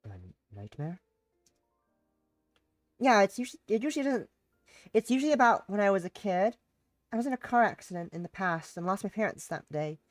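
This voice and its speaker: A sick-voiced woman voicing the gentle, curious young human heroine of a visual novel, reading softly and earnestly. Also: medium pitch, animated, brisk, pauses often, dry recording, soft background music, lightly acted.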